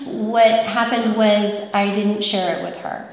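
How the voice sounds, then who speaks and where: A woman giving a candid, emotional personal testimony as a speaker at a recovery meeting, often pausing with fillers. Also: medium pitch, steady tone. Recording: echoey hall from far off.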